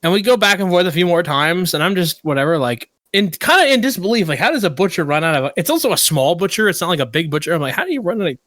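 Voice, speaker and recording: Animated, indignant podcast storyteller man. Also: high-pitched, fast talker, few pauses, no echo. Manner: animated storyteller who gets worked up and indignant. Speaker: podcast co-host. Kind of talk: casual podcast chat, telling an anecdote.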